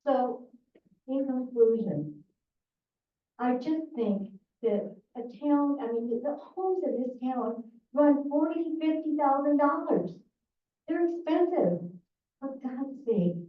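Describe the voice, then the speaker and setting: Retired woman at podium, higher voice, tinny distant chamber mic, emotional plea. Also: measured pace. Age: older. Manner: emotional, rising to exasperated. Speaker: public commenter. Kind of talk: public comment at a council meeting. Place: council chamber. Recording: tinny, echoey, far from mic.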